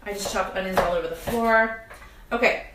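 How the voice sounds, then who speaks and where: Teary-eyed from chopping onions, a young cooking show host chats straight to her viewers from her home kitchen, joking at her own expense during a live demonstration. She speaks at medium pitch and normal speed, far from the mic in a roomy space, amid the noisy clatter of pots and dishes.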